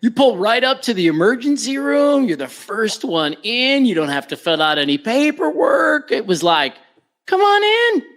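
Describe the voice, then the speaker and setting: A man's voice: high voice, animated, normal speed, hardly any pauses, a bit bright. A man hosting a podcast, reacting with short interjections and casual chat. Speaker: podcast host.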